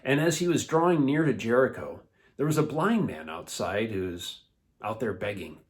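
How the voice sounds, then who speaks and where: A man leading children's church, telling a Bible story in a playful, animated way. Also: mid-range voice, moderate pace. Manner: animated, playful, laughs often.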